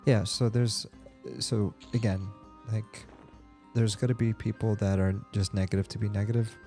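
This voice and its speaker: A man chatting casually while playing a game, relaxed and rambling with many fillers. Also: fairly low pitch, moderate pace, faint music behind. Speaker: game streamer. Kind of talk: casual gameplay chat.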